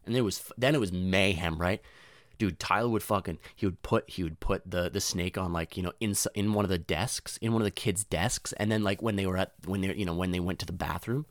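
In a brisk studio recording with no room sound, a young man rambles through a long comic story. He swears frequently, peppers it with "dude" and "you know," restarts often, and breaks into sudden high voices when quoting others.

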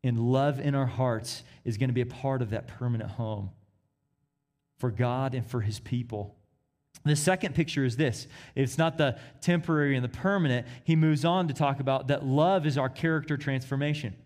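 Expressive male preacher. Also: medium pitch, normal speed. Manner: expressive, swings from emphatic to hushed. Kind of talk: sermon.

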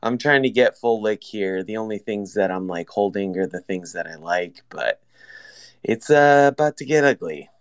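A man with a lowish, smooth, clean voice speaks as a guest, wry and slangy, sounding wary. He talks casually. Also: lively intonation, normal speed. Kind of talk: casual chat.

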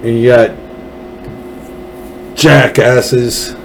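A man's voice: mid-range voice, steady tone, extremely slow, gravelly, slight background noise, rough recording. A man hosting a political podcast, ranting angrily with sarcasm and profanity. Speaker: podcast host. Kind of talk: political commentary rant.

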